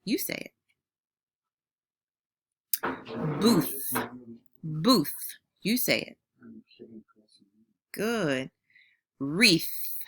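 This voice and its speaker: Bright, lively woman teaching phonics. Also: lowish voice, a little hiss or hum. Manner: slow, clearly modeled sounds with patient praise. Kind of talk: phonics lesson for young children.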